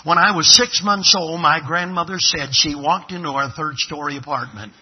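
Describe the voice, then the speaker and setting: A man's voice: on the high side, moderate pace, breathy edge, lo-fi sound. A man from Brooklyn preaching a sermon, dramatic and emphatic, acting out little scenes. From Brooklyn, New York. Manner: emphatic, dramatic pulpit delivery with acted-out dialogue.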